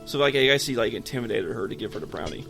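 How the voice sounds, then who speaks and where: Podcast co-host, male, casual story reader, clear music bed underneath. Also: mid-range voice, animated, rapid-fire. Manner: casual, breaks off to joke. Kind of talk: reading a story aloud to friends.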